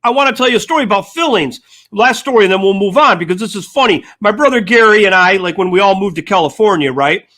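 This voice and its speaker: On a casual sports talk show, this older co-host from the United States speaks quickly in a high-pitched, expressive voice with a sharp tone. His casual chat runs to rambling storytelling, with quoted dialogue acted out.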